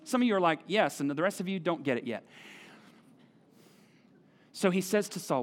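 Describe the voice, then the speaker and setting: A man's voice: sits high, lively intonation, normal speed, long pauses. A middle-aged man preaching a sermon in a church, talking conversationally and repeating key phrases for emphasis. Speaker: pastor. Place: church auditorium.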